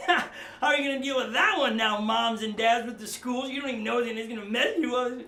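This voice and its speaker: A man's voice: very high-pitched, fast, sharp tone, echoey room, slight background noise, full character voice. A man playing a cold, mocking god who laughs at people's pain, in a taunting voice. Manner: taunting, cackling.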